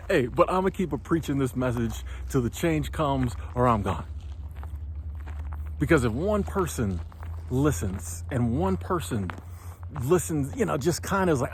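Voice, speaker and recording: A man, hosting his own channel and delivering an impassioned motivational monologue, preachy and animated, sometimes stumbling over his words. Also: a little high, moderate pace, a little hiss or hum. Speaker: channel host.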